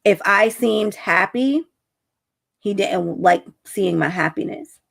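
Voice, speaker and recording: Gravelly-voiced woman telling a story. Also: mid-range voice, slow, a bit bright. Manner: chatty storytelling, acts out quotes. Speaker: relationship coach. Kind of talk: casual talk to camera.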